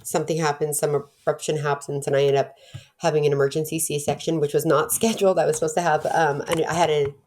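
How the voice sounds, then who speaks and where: A woman's voice: deep voice, level tone, quick pace, a little mellow. A middle-aged woman telling her own recovery story in a candid, casual way. She acts out the people she quotes and talks with many fillers and restarts.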